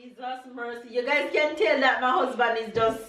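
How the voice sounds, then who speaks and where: A woman's voice: on the high side, normal speed. A woman in her thirties with a Jamaican accent, chatting and laughing as she unpacks groceries in a family vlog. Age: 30s. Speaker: vlogger. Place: home kitchen. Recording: echoey kitchen, far from mic, background noise.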